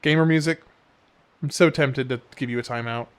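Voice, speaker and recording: A man's voice: mid-range voice, fairly even intonation, brisk. A man from Oklahoma with a Southern accent, streaming a game and chatting casually with his viewers on a headset mic, laid-back and often chuckling. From Oklahoma, USA. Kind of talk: casual live-stream chat while playing.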